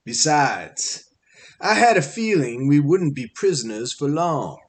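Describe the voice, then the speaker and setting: A man narrating an audiobook story in a measured, wry storytelling manner. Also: on the high side, big pitch swings.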